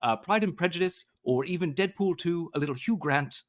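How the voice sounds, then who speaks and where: A man's voice: fairly high pitch, a bit bright, a little hiss or hum. A man co-hosting a podcast, wry and joking as he directs his partner. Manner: wry, directing, quick to joke. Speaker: podcast co-host. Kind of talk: casual podcast banter.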